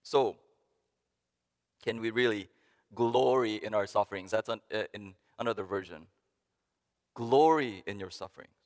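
A man preaching a sermon, animated, climbing to emphatic peaks and dropping to quiet asides. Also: lowish voice, measured pace, pauses often. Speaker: pastor. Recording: long hall reverb.

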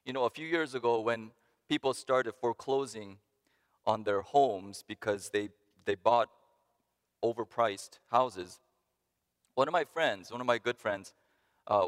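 A man preaching a sermon, animated, climbing to emphatic peaks and dropping to quiet asides. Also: fairly low pitch, unhurried. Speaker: pastor. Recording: long hall reverb.

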